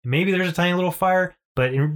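A man's voice: high voice, brisk, fairly bright tone. A man co-hosting a casual podcast, rambling and swearing casually. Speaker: podcast co-host.

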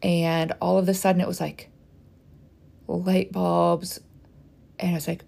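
A woman's voice: fairly low pitch, level tone, unhurried, creaky, pauses often, warm tone. A woman in her forties, a hormone specialist and trainer, telling a candid personal story in a conversational way with frequent asides to the listener.

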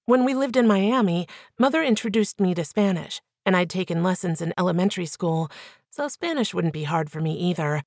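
A woman reading a first-person novel aloud as an audiobook narrator with clear, even storytelling. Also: lowish voice, dry recording, clean studio sound.

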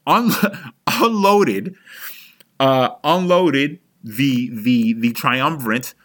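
A young adult man rants as an angry fan on his sports podcast, speaking extremely slowly. His voice is bright and forceful at middle pitch, and he is heated and profane, constantly restarting sentences.

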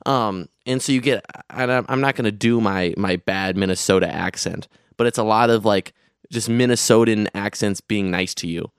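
Chatting casually on a podcast, a young male co-host tells about a festival trip, wandering off track with many restarts and filler words. His lowish voice moves at normal speed with a clean tone, and the studio-quality recording has no room sound.

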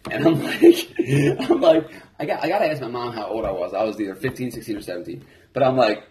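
Young man, podcast co-host, casual chat, mid pitch, profane, laughing, acts out quotes. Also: lively intonation, fast, darkish tone, poor audio. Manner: profane, laughing storyteller who acts out other people's lines.

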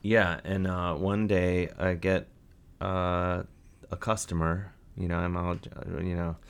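Deep gravelly man rambling deadpan. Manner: rambling, halting, deadpan with frequent fillers. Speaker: guest telling an absurd life story. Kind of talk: improvised comedic storytelling.

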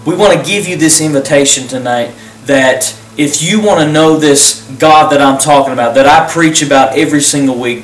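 Fervent preaching man, higher voice. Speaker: pastor and host. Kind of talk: closing altar call and prayer. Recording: roomy sound, distant mic.

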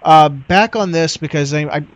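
A man's voice: a little high, normal speed. A man hosting an interview who asks questions courteously, with frequent restarts and chuckles. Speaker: interviewer host. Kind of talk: conversational interview.

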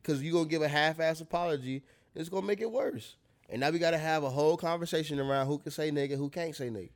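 A man's voice: fairly high pitch, fast. A man co-hosting a casual chat, blunt and opinionated, with plenty of swearing.

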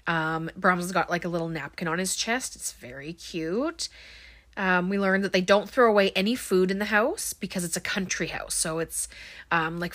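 Woman, casual film recap, chatty, filler words, wry asides, lowish voice. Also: fairly bright tone. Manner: chatty, many ums and likes, wry asides. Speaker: movie recapper.

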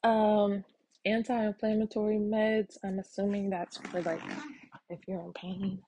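A woman's voice: mid-range voice, flat delivery, measured pace, mellow, a little hiss or hum. A woman hosting a casual solo podcast, talking frankly with lots of ums and casual swearing. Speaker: podcast host.

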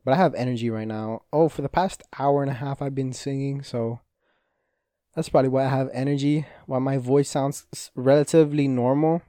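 The podcast host here is a young man whose warm, mid-range voice stays steady while moving a little fast, recorded dry. In this casual solo monologue he rambles, curses often, and breaks off his own thoughts, restless with a hurt hand.

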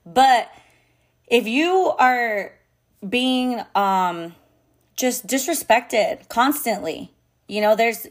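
An adult mother hosts a podcast, delivering a candid, blunt monologue laced with heavy swearing, lots of fillers and Spanish phrases. Her voice is slightly high and expressive, with drawn-out words and frequent pauses.

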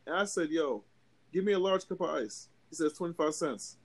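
On the high side and a little fast, a young man's voice carries a lengthy story during a podcast's casual chat. As co-host he curses heavily and animatedly takes on every role in the tale.

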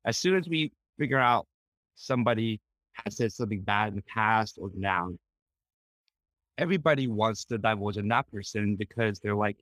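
A man who is a podcast guest, speaking sincerely and haltingly in casual conversation, with many restarts and fillers. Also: fairly low pitch, fairly bright tone, no room sound. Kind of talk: conversational interview.

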